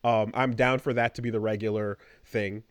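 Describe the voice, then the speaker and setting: A man's voice: on the low side, fairly even intonation, moderate pace, clean tone, no echo, clean studio sound. A man co-hosting a podcast in casual chat, rambling and hesitant with lots of fillers. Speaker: podcast co-host.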